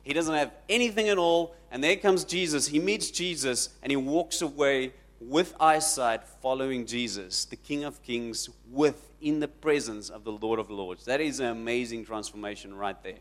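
A man preaching a sermon, building to loud, dramatic peaks as he retells the story. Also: mid-range voice, normal speed, few pauses. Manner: dramatic, rising to shouts when quoting. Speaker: pastor.

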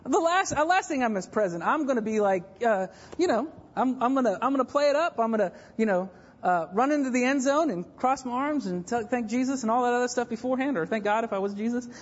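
Pastor, male, husky voice, halting and animated sermon, dull lo-fi church recording. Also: very high-pitched, in a large hall. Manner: animated, joking, halting with many fillers and restarts. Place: church sanctuary.

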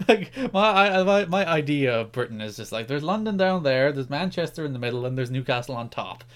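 A man's voice: fairly high pitch, brisk. A man co-hosting a casual pop-culture chat, joking around and laughing often. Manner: animated and jokey, laughs often. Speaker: podcast co-host.

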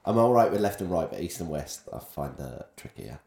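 A man chiming in on a podcast with slow, dry one-liners. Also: very deep voice, very animated, vocal fry, a little mellow, echoey room. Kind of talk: casual chat.

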